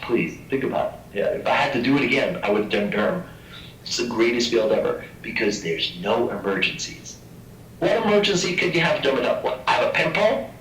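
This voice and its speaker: A man lecturing a class on skin disease in an animated, joking way, acting out quoted voices now and then. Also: mid-range voice, a little hiss or hum. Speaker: pathology lecturer. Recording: echoey room from far off mic.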